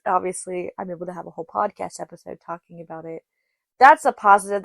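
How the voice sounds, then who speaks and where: Gravelly-voiced woman podcast host. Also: medium pitch, dry recording. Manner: chatty and self-deprecating, laughs often, quotes others in quick asides. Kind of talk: casual solo podcast storytelling.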